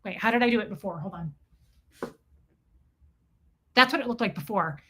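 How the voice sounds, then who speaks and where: A woman hosting a livestream, telling an animated, profane, comic story and greeting her viewers in a casual way. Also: mid-range voice, normal speed, a little hiss or hum. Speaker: livestream host.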